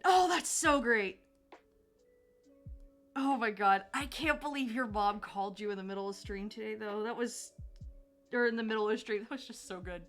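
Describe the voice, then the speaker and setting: A woman's voice: fairly high pitch, moderate pace, long pauses, fairly bright tone, soft background music. A young woman chatting to her viewers on a live stream, bubbly and gushing, laughing often.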